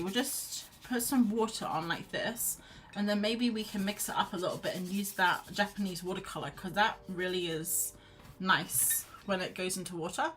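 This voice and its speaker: A woman's voice: lowish voice, a bit bright, a little hiss or hum. A woman hosting a casual live painting chat, chatty and self-deprecating, laughing often. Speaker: art livestream host.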